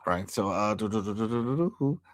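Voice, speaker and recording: A man's voice: on the low side, animated, brisk, dry recording, studio quality. A man co-hosting a casual TV recap chat, laughing often and humming filler sounds as he talks. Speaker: podcast co-host.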